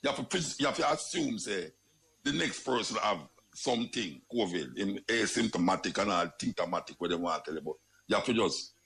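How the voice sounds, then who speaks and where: A man with a Jamaican accent delivering an animated, patois-laced commentary monologue. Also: on the low side, a little fast, breathy edge.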